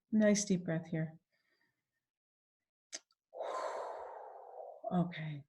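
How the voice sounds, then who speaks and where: A woman coaching a guided tapping session. She speaks gently, repeats phrases in the first person, and pauses for sighs and deep breaths.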